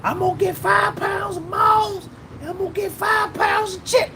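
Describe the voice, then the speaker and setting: A man imitating his late mother, an older Southern country woman, coaxing him to come home in a high, calling-out voice. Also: fairly even intonation, normal speed, vocal fry, pushed and bright, a little hiss or hum, full character voice.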